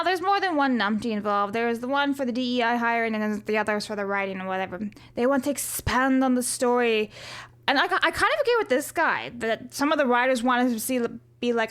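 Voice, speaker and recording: A high-voiced woman talks straight to her viewers in a loose, casual vlog. She is chatty and opinionated and rants freely, with plenty of asides. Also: a bit bright. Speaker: vlogger.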